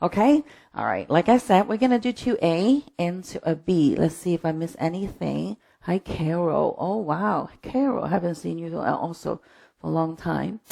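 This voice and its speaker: A woman's voice: on the low side, animated, moderate pace, gravelly, dark tone, breathy edge. A woman teaching a line dance from home, calling out steps and counts in short bursts and often checking in with "okay?". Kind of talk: dance lesson with counted cues. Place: her own home. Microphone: streaming setup.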